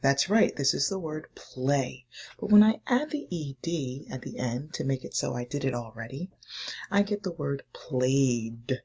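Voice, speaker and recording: Woman, first grade teacher, low gravelly voice, encouraging, phonics lesson. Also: animated, warm tone. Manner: slow, patient, encouraging teacher talk to young children. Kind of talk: remote phonics lesson and read-aloud.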